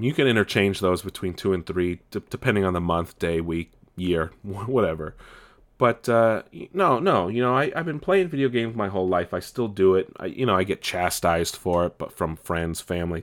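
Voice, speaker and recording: A man's voice: low voice, fairly bright tone. A man hosting his own podcast, rambling and stammering through frequent restarts, blunt and swearing as he talks casually. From California. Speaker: podcast host. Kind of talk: casual solo podcast monologue.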